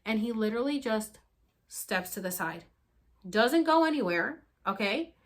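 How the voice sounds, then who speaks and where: A woman's voice: a little high, measured pace. A woman vlogger telling a story casually and acting out the dialogue. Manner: animated, acts out the dialogue.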